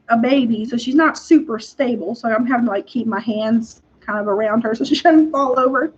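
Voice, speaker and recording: Gal, kinda husky voice, riled up and laughing while she tells grocery store stories, muffled recording. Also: on the high side. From Texas. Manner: animated, exasperated, laughs often. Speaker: podcast host. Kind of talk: casual storytelling. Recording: dull lo-fi recording.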